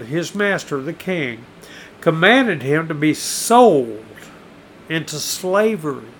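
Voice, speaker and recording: Male pastor, sermon delivery, unhurried and emphatic, faint background noise. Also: high-pitched, low-quality recording. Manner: slow, deliberate preaching, voice rising for emphasis.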